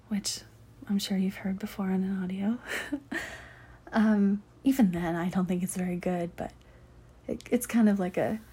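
A woman from the Southern United States, an audio creator, whispering candid, chatty answers to listener questions. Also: mid-range voice. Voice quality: breathy whisper. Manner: candid and chatty, with frequent ums and soft laughs.

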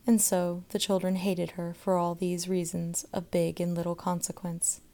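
A woman narrating a short story aloud in a measured, expressive way. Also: on the low side.

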